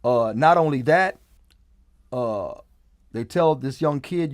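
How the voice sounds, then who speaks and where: A man's voice: mid-range voice, takes it slowly, pauses often, dry recording, clean studio sound. A man hosting a casual commentary show, talking emphatically and repeating his points. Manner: emphatic, repeats phrases, animated. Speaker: host.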